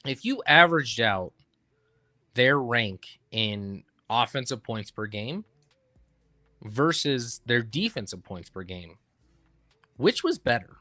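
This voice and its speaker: A man's voice: medium pitch, sing-song, slow, pauses often, sharp tone, no echo. A man co-hosting a sports talk show, making his case with stats and repeating key points for emphasis. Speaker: sports podcast co-host. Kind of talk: casual sports debate.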